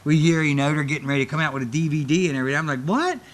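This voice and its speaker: A man casually telling stories from his wrestling career in an interview, animatedly acting out the people he quotes. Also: rapid-fire. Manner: animated, acts out quoted voices with big pitch jumps.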